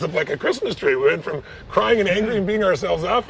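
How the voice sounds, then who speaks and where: Fast, intense man coaching on stage. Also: high-pitched, lively intonation, gravelly. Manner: intense, direct, coaxing questions. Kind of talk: live coaching session.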